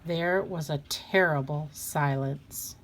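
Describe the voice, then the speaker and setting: A woman reading a children's picture book aloud with a slow, deliberate delivery and expressive pauses. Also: low-pitched, background noise. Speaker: storybook reader.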